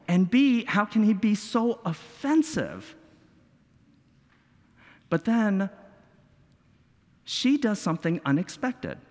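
A male pastor preaching a sermon, expressive and full of rhetorical questions and dramatic pauses. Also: high voice. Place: church sanctuary. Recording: long hall reverb.

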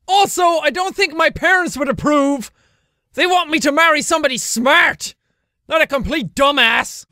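A young man yelling and joking through loud, manic let's-play commentary. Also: extremely high pitch. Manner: loud, manic, shouting and yelping. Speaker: gaming YouTuber.

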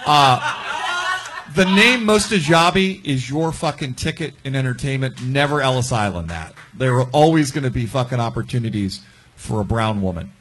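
A man on a live comedy panel with an ordinary mid-pitched voice. He delivers blunt, provocative roasts with dry confidence. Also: animated, moderate pace, a bit bright.

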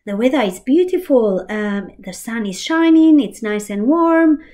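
A young woman teacher gently explaining an art activity step by step to young children at home. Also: fairly high pitch, lively intonation, unhurried. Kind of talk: remote lesson instructions for young children.

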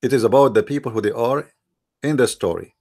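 A man's voice: mid-range voice, brisk, darkish tone. A man hosting a live-streamed religious debate, speaking with a mocking, argumentative tone, firing rhetorical questions at his viewers in non-native English grammar.

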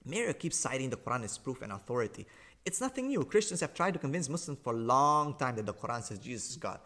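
Sarcastic, emphatic man lecturing. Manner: repeats points for emphasis with big swings in pitch and loudness. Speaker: religious commentator rebutting a video. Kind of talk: argumentative monologue.

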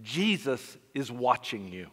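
Man putting on a low, hushed, deadpan parrot. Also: a little slow, full character voice. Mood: eerie. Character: spooky male house parrot, deadpan.

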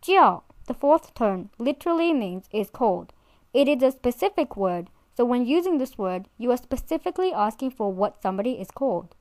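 A woman giving a scripted language lesson, speaking clearly and slowing down to model each word. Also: on the high side, warm tone, no room sound. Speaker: language teacher. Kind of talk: scripted instructional narration.

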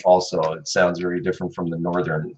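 American man, very low voice, relaxed chatty student in a casual lesson, slightly dull recording. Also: fast. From United States. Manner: relaxed, chatty, repeats words after the teacher.

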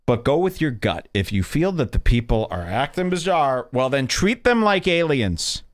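A man's voice: mid-range voice, sing-song, normal speed. A man hosting a podcast, delivering a rambling, mock-serious comedic monologue with sarcastic, theatrical swings in his voice. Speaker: podcast host.

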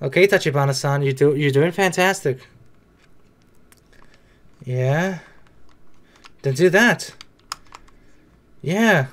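A man's voice: a little high, takes it slowly, pauses often, a bit bright. A young man talking back at the screen in casual reaction commentary, chatty and swearing now and then. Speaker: reaction video host.

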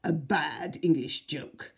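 A woman voicing a proud, hostile nobleman who speaks slowly and with scorn. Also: low voice, animated, husky. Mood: scornful. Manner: slow, loud, scornful. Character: proud hostile middle-aged male duke, scornful.

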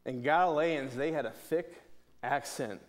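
A man's voice: a little high, measured pace. A man from preaching a sermon in church, earnest, often restarting and repeating words. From Pittsburgh, USA.

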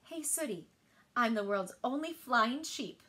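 A woman voicing a tiny, dreamy and bold little female lamb in a read-aloud storybook, with an excited, wide-eyed manner. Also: on the high side, measured pace. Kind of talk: storybook reading.

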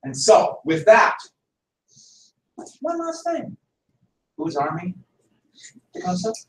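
A man teaching a classroom history lesson, his voice sitting somewhat high and swinging widely as he presses his points with rhetorical questions. He is picked up from a distance, so the room's echo hangs around every phrase. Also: sing-song, slow pace, a bit bright, slight background noise. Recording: echoey room, from far off.

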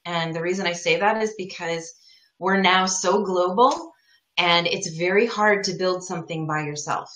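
Female co-host, lowish pitch, bright tone, roomy echo, thoughtful and chatty. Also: normal speed. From northern United States. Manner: thoughtful, with many fillers. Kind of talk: casual advice talk.

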